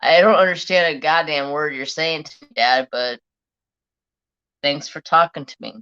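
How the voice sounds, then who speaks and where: A man's voice: a little high, moderate pace, bright, forceful tone, clear, resonant tone. A man voicing his pet dog as a puzzled but grateful male dog, in a plain, lightly amused way. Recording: dull lo-fi stream audio.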